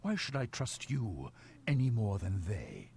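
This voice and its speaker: A man's voice: lowish voice, wildly swooping pitch, unhurried, creaky, a little mellow, a little hiss or hum, full character voice. An actor playing a proud, wrathful old dwarf king in a video game, with a commanding, suspicious manner. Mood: indignant.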